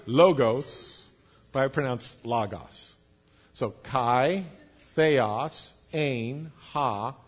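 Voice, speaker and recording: A pastor preaching a sermon, explaining patiently, spelling out words, with light jokes for the congregation. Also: male voice, mid-range voice. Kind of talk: sermon teaching.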